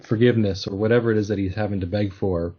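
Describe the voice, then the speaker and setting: A man's voice: on the low side, steady tone, fast, breathy edge, lo-fi sound. A man hosting a casual podcast discussion, talking thoughtfully and hesitantly with many restarts. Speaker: podcast host.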